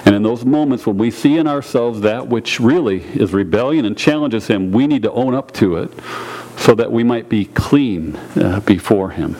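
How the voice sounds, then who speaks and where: A pastor preaching a sermon in a church, earnest and direct, repeating key phrases and putting questions to the congregation. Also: male voice, on the low side, normal speed, darkish tone, a little hiss or hum, poor audio.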